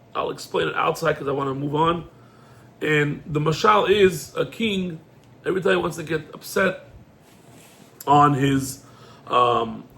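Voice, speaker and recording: High, gravelly-voiced rabbi teaching a class. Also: male voice. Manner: animated storyteller, acts out dialogue, rhetorical questions. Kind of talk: lively Torah class, mixing English with Hebrew quotes.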